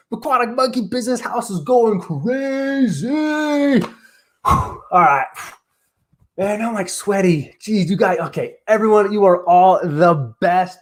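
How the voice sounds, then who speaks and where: A man hosting a casual live stream, talking in an excitable, rambling way full of "like". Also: sits high. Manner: excitable, rambling, heavy use of "like". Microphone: streaming setup on camera.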